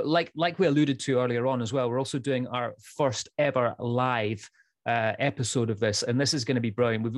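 A man's voice: mid-range voice, no room sound, studio quality. Chatty male whisky podcast co-host. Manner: chatty, repeats words when thinking. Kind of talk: casual chat.

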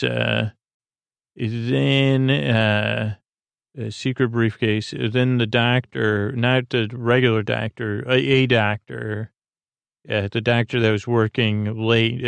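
A man's voice: mid-range voice, flat delivery, slow, creaky, clean tone, no echo. A man hosting a sleep podcast, casually retelling a story in a meandering way full of "uh" and "like". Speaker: podcast host.

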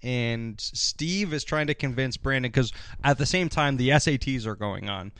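A man's voice: medium pitch, normal speed, fairly bright tone. A man from Canada recapping a TV episode in casual comedic podcast chat, rambling with lots of fillers and laughter. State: tired.

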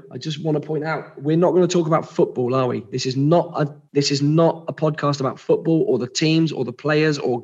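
A hoarse man with a gravelly voice, co-hosting a podcast in relaxed, chatty conversation. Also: fairly high pitch, dull audio. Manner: relaxed, chatty, explains things plainly. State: hoarse, recovering from a lost voice. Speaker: podcast co-host. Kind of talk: casual chat.

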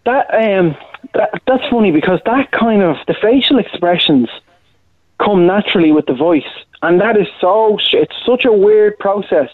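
A male impressionist answering questions in a loose, rambling way, often circling back on his own sentences. His voice sits a little high and comes through a thin, phone-like line with no room echo. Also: expressive, moderate pace. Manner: rambling, frequent restarts and "you know". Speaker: impressionist guest. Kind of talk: casual interview chat. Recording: tinny phone-like line, dry.

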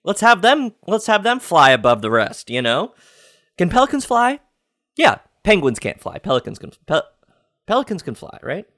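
A man's voice: on the high side, big pitch swings, normal speed, pushed and bright, no echo, studio quality. A man hosting a comedic sports-headline podcast, rambling and playfully clueless, with lots of fillers and restarts. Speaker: podcast host.

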